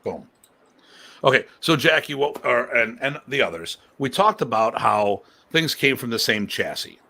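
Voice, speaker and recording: A man's voice: medium pitch, expressive, normal speed, bright, forceful tone. A man hosting a casual live-stream discussion as a martial arts instructor, rambling and emphatic, prone to launching into rants.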